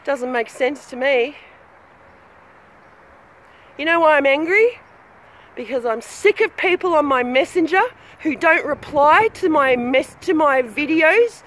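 A woman's voice: sits high, animated, unhurried, long pauses, fairly bright tone, low-quality recording. A woman, ranting angrily and swearing while filming herself outdoors on her phone. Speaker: vlogger. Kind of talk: angry rant vlog while walking. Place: outdoors on a street.

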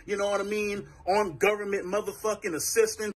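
A man's voice: high voice, little pitch movement, a little fast, heavy background noise. A man ranting to the camera in short clips, crude and brash, swearing constantly. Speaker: social media personality.

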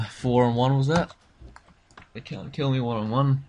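A young man commentating his own player-versus-player match, excitable, shouting at kills and muttering tactics. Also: mid-range voice, measured pace, slight background noise. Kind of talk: excited live gameplay commentary.

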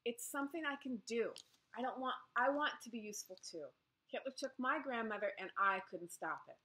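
Woman doing a stubborn teen girl, blunt, defiant, raised and bright voice, storybook. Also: on the high side, big pitch swings, normal speed, voice pushed up. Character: stubborn, guarded teenage refugee girl.

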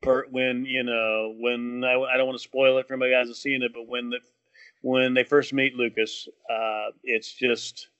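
A man, a filmmaker guest, telling stories in casual podcast chat, animated and laughing often. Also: mid-range voice, normal speed, dry recording. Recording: dull lo-fi dry sound.

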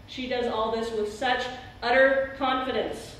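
A woman's voice: on the high side, steady tone, unhurried, fairly bright tone. A middle-aged woman pastor preaching an earnest, emphatic sermon in a church sanctuary. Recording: very echoey church hall, speaker far from mic.

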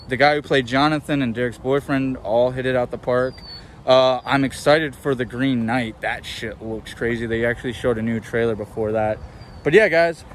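A man's voice: medium pitch, a little hiss or hum. A man hosting a casual, profane, rambling movie review outdoors. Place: outdoors in an urban area.

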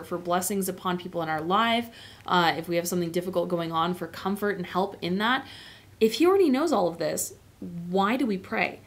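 A woman teacher giving an informal, chatty lecture on a novel, with many fillers and asides. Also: fairly low pitch. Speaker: literature teacher.

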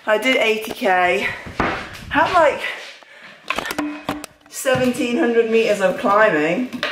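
A young woman talks casually to camera in a vlog, chatty and upbeat. Her pitch sits in the middle for a woman, and at times she is breathless. A faint hiss lies under her voice. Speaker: cycling vlogger.

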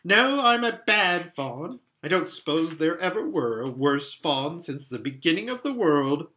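A man's voice: high voice, big pitch swings, moderate pace, bright, forceful tone, voice pushed up, full character voice. A man voicing a tearful, guilt-ridden male faun in a storybook reading, talking between sobs. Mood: sobbing. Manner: sobbing, sorrowful.

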